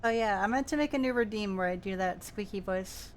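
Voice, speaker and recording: A woman's voice: medium pitch, a little fast, slight background noise. Playful woman streamer chatting. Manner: playful, chatty, talks to viewers. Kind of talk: casual game stream chat.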